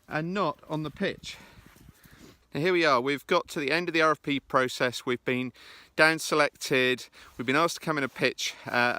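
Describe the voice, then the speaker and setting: Male presentation coach, walking vlog outdoors, fairly high and bright tone, chatty, pokes fun at himself. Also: smooth, no echo. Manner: chatty and self-deprecating, with frequent "uh" fillers. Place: outdoors in the countryside.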